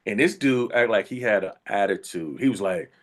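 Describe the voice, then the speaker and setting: A man, an actor being interviewed, telling funny anecdotes in a casual, animated way, slipping into voiced quotes. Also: on the low side, moderate pace. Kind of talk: casual storytelling.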